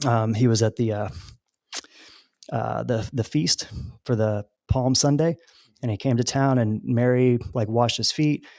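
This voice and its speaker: A man's voice: medium pitch, fairly even intonation, unhurried, gravelly, a little mellow, dry recording, studio quality. A man as a podcast guest, earnestly explaining spiritual ideas at length with storytelling asides. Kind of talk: conversational spiritual discussion.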